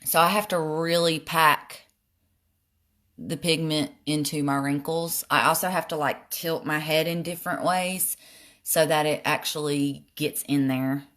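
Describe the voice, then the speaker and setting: An older Southern woman livestreams a casual makeup tutorial, demonstrating her eye makeup and reading viewers' comments aloud. She's chatty and often pokes fun at herself. Her deep voice has fairly even intonation, a fairly bright tone and a slightly slow pace.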